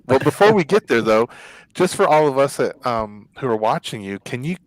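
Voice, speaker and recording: A man hosting a casual live online talk show, excitable and rambling, calling himself geeky. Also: medium pitch, normal speed, no room sound, low-quality recording.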